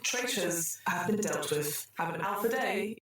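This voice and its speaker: A woman voicing a stern, all-seeing ruling computer that booms formal commands over a speaker system. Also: animated, unhurried, fairly bright tone, very echoey. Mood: commanding.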